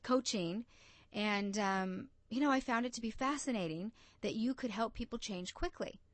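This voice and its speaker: A woman's voice: a little high, normal speed, no room sound. A woman from the United States, a coach and entrepreneur, telling a story in an interview and acting out the voices she quotes.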